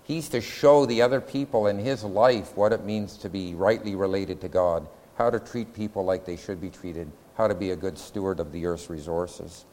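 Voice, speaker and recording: A man's voice: low voice, normal speed, hardly any pauses, a little mellow, long reverb tail. A man giving a classroom lecture on scripture, laying out points in numbered order and putting questions to his students. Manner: methodical, counts points aloud, asks the class questions.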